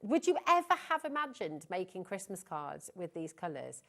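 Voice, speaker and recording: A woman's voice: lowish voice, very animated, normal speed, creaky. A woman presenting on live TV shopping, with gushing, enthusiastic sales patter. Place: TV studio.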